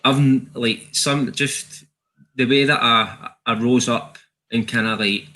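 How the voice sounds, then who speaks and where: Glasgow guy chatting, keeps restarting, mid pitch voice. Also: steady tone, sharp tone. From Scotland. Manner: halting, repeats himself, chatty. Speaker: guest. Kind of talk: casual chat.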